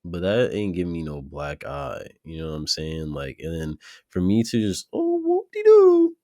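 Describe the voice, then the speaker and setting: A man streaming a reaction, talking to his chat in slangy, profane, animated bursts. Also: a bass voice, moderate pace, no echo, studio quality. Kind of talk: casual reaction commentary.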